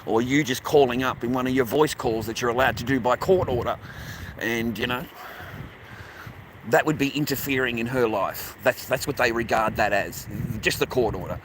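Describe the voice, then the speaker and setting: A man's voice: medium pitch, moderate pace, slight background noise. A man talking casually to his viewers while walking outdoors by a beach, blunt and full of swearing, calling them mate and bro. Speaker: vlogger. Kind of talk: casual walking vlog monologue.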